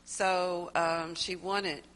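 A woman from a church group speaks very slowly in a fairly low but bright voice. She shares her story thoughtfully and pauses now and then. Her delivery is casual and unscripted. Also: level tone, low-quality recording. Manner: slow, thoughtful, hesitant with fillers. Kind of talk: casual spoken testimony.

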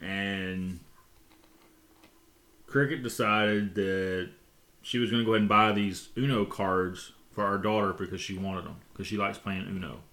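A man's voice: low voice, measured pace. Middle-aged man telling a family story. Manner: animated storyteller, laughs often. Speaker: podcast co-host. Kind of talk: casual family chat.

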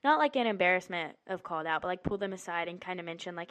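A woman's voice: lowish voice, expressive, fast. A woman hosting a podcast, giving an earnest, casual faith talk full of "like" fillers. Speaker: podcast host.

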